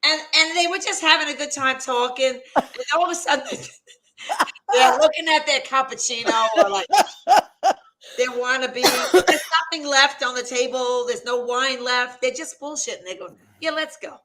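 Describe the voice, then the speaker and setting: A woman musician joins a casual conversation, laughing often and throwing in quick replies. Her voice sits high and sounds bright and forceful. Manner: laughs often, gives short agreeing replies. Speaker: musician and arranger. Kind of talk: casual chat.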